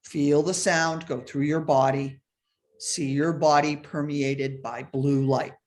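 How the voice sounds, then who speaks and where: A woman leading a guided meditation over a video call, giving soft, slow instructions with pauses. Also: sits low, fairly even intonation.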